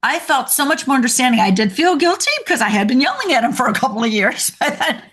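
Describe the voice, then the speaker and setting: A woman coach, a guest on a podcast interview, telling stories in an animated way and laughing often. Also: sits high, fast talker, slightly rough.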